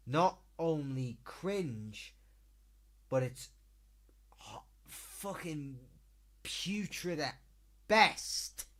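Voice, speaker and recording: A man's voice: fairly high pitch, lively intonation, extremely slow, long pauses. A British man streaming live, ranting and swearing as he reacts to a video.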